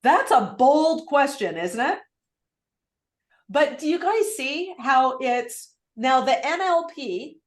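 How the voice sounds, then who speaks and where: A woman sales coach teaching on a live video call, lively and acting out phone script lines. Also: fairly high pitch, reverberant. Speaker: real estate sales coach.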